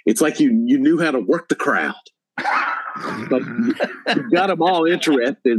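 Middle-aged male podcast guest; animated storyteller, voice rises and falls a lot. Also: fairly high pitch, measured pace, pauses often, background noise. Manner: animated storyteller, acts out quotes loudly. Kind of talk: casual chat, storytelling.

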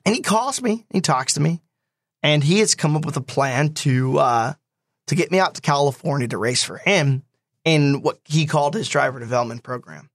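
A young man telling a personal story in casual talk, animated and quick to quote others. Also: a little high, no room sound.

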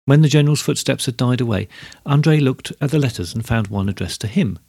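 A man reading a story aloud as narrator, in measured, even storytelling. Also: medium pitch, creaky, husky, no echo, studio quality.

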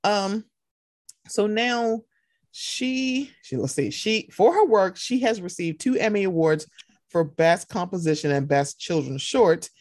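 A young woman co-hosting a podcast, chatting casually and animatedly, often jumping into excited quoted voices. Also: unhurried, dry recording, clean studio sound. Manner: animated, jumps into high excited voices when quoting. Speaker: podcast co-host. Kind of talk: casual chat.

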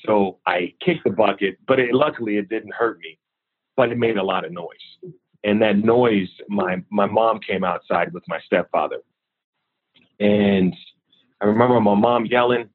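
A man's voice: on the low side, normal speed. A man, a guest in an interview, candidly and steadily telling a personal story. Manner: candid, steady recounting of hard memories. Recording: tinny phone-like line.

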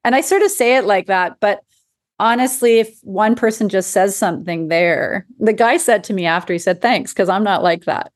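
A woman talks in a relaxed, conversational way about her work as a physician. She tells lively stories, acts out what people said and laughs easily. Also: mid-range voice, moderate pace. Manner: animated storyteller, acts out quotes, laughs often. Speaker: physician guest. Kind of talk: casual conversation.

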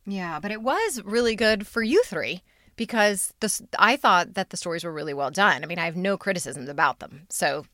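A woman's voice: on the low side, lively intonation, fairly quick, sharp tone, dry recording. A woman hosting a writing podcast, talking candidly with frequent restarts and asides, recorded in a university studio. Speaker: podcast host and writing teacher. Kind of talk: casual chat and scripted outro.

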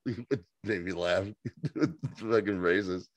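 A man co-hosting a casual podcast, talking in an animated, profane way. His pitch swoops widely, and the sound is dry and close to the mic. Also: takes it slowly, long pauses, no room sound. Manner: animated, profane, reads reviews aloud. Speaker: podcast co-host.

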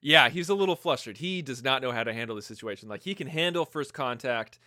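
A man co-hosting a podcast, chatting casually and brainstorming ideas out loud. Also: medium pitch, lively intonation, fast, no echo, clean studio sound. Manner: brainstorming, acts out scenes in quoted voices. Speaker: podcast co-host. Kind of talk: casual fan chat.

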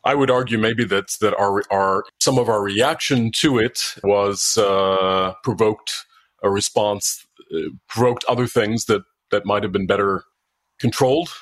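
Male guest, deep voice, dry sound, careful and hesitant delivery. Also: fairly bright tone, no room sound. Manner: measured, thoughtful, with frequent hesitations. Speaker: guest, former diplomat and author. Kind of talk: interview answers.

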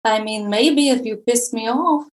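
A woman voicing a boastful Russian would-be film star and self-styled femme fatale, with a put-on Russian accent, broken grammar and a deadpan manner. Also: fairly high pitch, measured pace, close to an everyday voice, low-quality recording. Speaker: podcast guest. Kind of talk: improvised comedy character.

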